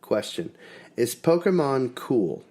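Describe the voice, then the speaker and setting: Teasing middle-aged man, halting chat. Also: medium pitch, big pitch swings, mellow. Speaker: podcast host. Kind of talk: casual chat.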